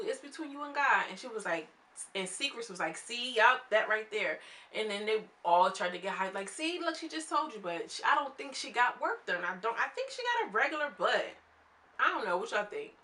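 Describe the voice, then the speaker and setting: Chatty bright-voiced young woman vlogger. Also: medium pitch, a little hiss or hum. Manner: chatty, animated, quotes people in voices. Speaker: reality TV reviewer. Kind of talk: casual recap vlog.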